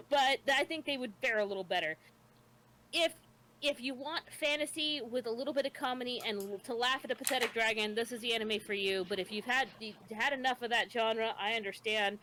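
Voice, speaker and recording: A chatty woman co-hosting a podcast walks through an anime episode in a loose, rambling way, stumbling over names as she goes. Her voice sits fairly high. A faint hiss runs underneath. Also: sharp tone. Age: adult with children. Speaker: podcast co-host. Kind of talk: casual retelling of an anime episode.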